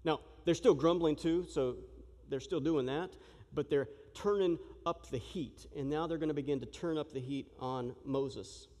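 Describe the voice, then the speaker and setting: A man preaching a sermon in an animated, joking way, acting out the shouting crowd as he tells the story. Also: fairly high pitch, moderate pace, few pauses. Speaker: pastor. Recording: long reverb of a large hall.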